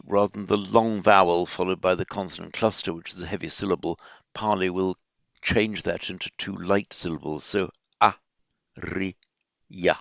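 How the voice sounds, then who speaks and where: A man giving an informal lecture on Buddhist texts, explaining word roots slowly with many fillers and restarts. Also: sits low, vocal fry, fairly bright tone, no echo. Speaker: teacher of Pali and Buddhist texts. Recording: dull, muffled lo-fi sound.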